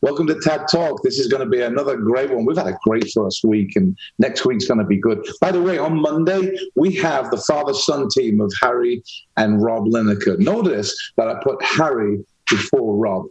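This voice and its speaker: A man's voice: medium pitch, lively intonation, moderate pace, dull audio. A man hosting a podcast over a video call, upbeat and chatty as he welcomes his guests. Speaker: podcast host. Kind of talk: casual video-call interview.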